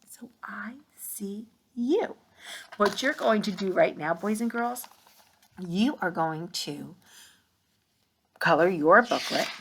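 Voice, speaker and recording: Slow kindergarten teacher lady, patient and encouraging, lowish voice. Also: slight background noise. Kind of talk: read-along reading lesson.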